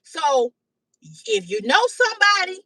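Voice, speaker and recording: A woman in her fifties hosting a live stream, talking bluntly and loudly with heavy cursing. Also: very high-pitched, lively intonation, unhurried, dry recording, far from the mic, poor audio. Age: 50s. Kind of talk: profane casual live-stream rant. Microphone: phone or webcam on a live stream.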